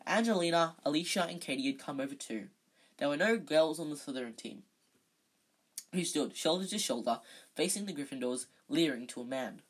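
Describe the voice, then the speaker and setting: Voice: mid-range voice, expressive, normal speed, breathy edge, low-quality recording. An amateur reader reading a children's novel aloud, unpolished, often stumbling and correcting themselves. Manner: unpolished, frequent slips and self-corrections.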